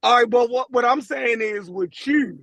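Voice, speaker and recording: High-voiced man debating casually. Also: moderate pace, gravelly, fairly bright tone, dry recording. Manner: slangy, repeats "you dig what I'm saying". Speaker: podcast co-host.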